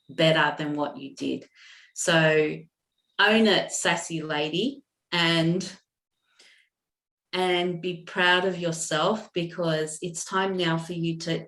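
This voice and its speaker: A woman giving an intuitive card reading on a video call, speaking gently with many pauses and restarts. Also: on the low side, reverberant. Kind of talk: live online card reading.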